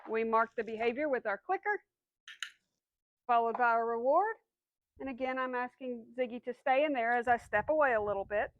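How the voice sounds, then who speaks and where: A woman's voice: a little high, fairly quick, dry recording, phone-quality sound. A woman dog trainer patiently explaining commands step by step, then giving the dog short firm cues. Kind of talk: instructional dog training demo.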